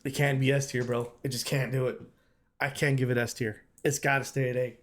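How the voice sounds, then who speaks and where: A man's voice: mid-range voice, flat delivery, brisk. A man streaming live, giving casual, emphatic commentary and repeating his points, often calling the chat "bro".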